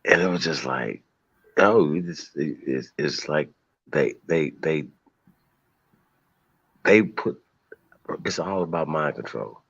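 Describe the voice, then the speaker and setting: A man's voice: rumbling low, slow pace, vocal fry, pauses often, husky, dry recording, highs cut off. A man hosting a casual livestream chat, laid-back and rambling, with many restarts. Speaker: host.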